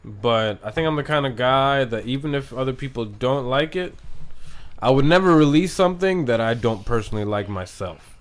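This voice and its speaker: A man hosting a podcast in a relaxed, slangy way, encouraging his guest and explaining things. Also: mid-range voice, moderate pace. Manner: laid-back, encouraging, slangy. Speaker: podcast host. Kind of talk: casual chat.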